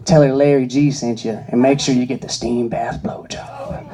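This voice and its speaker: A man voicing an old grandfather, a wistful veteran who talks slow and low. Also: fairly even intonation, mellow, natural voice. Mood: matter-of-fact. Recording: live comedy club crowd.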